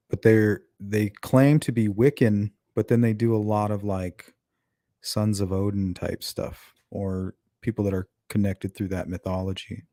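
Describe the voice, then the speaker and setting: Low, dark-voiced male livestream host. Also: dry recording, studio quality. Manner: rambling, chatty, answers viewer chat. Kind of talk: casual livestream talk.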